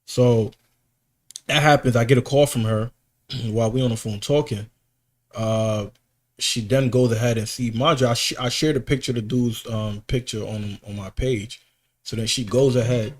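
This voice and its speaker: Animated man telling a story on a podcast. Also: mid-range voice, normal speed. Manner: animated storytelling, swearing, slang, voice jumps up when worked up. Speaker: podcast co-host. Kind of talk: casual podcast chat.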